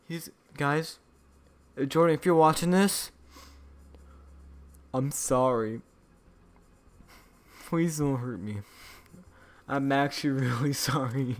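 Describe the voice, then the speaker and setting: A man's voice: medium pitch, takes it slowly, pauses often. A young man hosting his own gaming channel, talking casually and restlessly to his viewers while opening supply drops. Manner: chatty, restless, talks to viewers as "guys".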